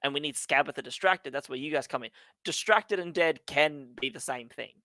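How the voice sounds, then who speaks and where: A game master voicing a centuries-old boy in a child's body who lays out plans in a brisk, bossy way and swears freely, on a dry close mic. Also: medium pitch, sharp tone, no echo, close to an everyday voice. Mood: brusque. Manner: brisk, bossy, swears, keeps asking "right?". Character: ancient boy in child's body, brusque leader.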